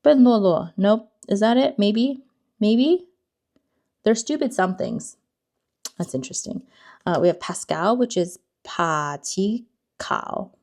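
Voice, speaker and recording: A woman's voice: medium pitch, lively intonation, unhurried, a little mellow. A young woman hosting a casual card-opening vlog, chatty and self-deprecating, often unsure of words. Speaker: card-opening channel host.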